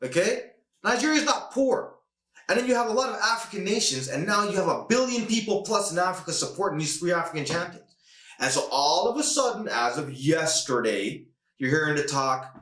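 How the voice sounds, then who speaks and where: A man hosting a casual podcast, talking fast and emphatically about a fight, now and then mimicking other people. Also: high-pitched, very animated, fairly bright tone. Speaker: podcast host. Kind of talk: animated casual podcast rant. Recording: echoey room, distant mic.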